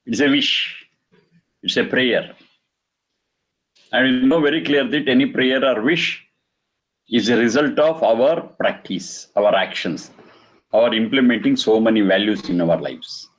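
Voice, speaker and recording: A man giving a religious lecture, reciting verses and explaining them slowly. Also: mid-range voice, poor audio. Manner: slow, repeats Sanskrit phrases and explains them. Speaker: Vedic teacher.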